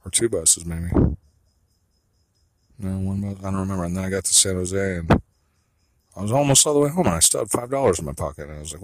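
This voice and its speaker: A man's voice: sits low, fast, pauses often. A man telling a rambling, profane personal monologue who keeps second-guessing himself. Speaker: vlogger.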